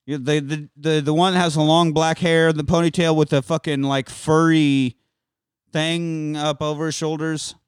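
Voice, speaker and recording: Podcast co-host, male, slightly high voice, dry close mic, animated profane movie recapper. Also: moderate pace, clean tone, dry recording. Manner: animated storytelling, acts out movie lines, swears freely. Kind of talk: casual profane chat.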